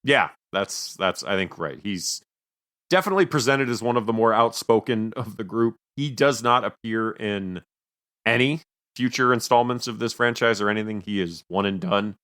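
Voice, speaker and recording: A man's voice: lowish voice, expressive, moderate pace, a bit bright. A man co-hosting a film podcast, talking casually and rambling with self-mocking jokes. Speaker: podcast co-host. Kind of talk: casual film review chat.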